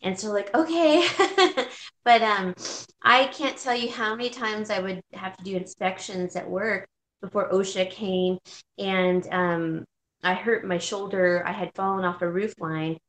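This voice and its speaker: A woman's voice: mid-range voice, fairly even intonation, normal speed, fairly bright tone, roomy sound. A woman, a guest on a chat show, telling stories about her work in a chatty way with fillers and laughs. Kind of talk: casual chat.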